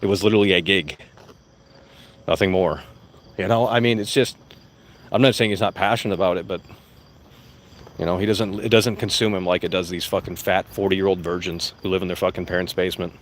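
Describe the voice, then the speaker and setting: A man with a deep, low voice rants casually while outdoors, swearing freely and circling back over his points. Faint crickets and insects chirp in the background. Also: steady tone, brisk, pauses often, slight background noise. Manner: profane, blunt, repeats himself. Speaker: vlogger. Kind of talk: casual rambling rant. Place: outdoors among plants.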